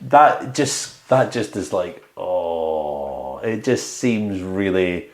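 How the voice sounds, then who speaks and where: A man's voice: deep voice, expressive, very slow. Man co-hosting, casual chat, jokey, laughs a lot, recorded at home. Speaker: podcast co-host. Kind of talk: casual chat about bad movies. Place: home, dog in the room.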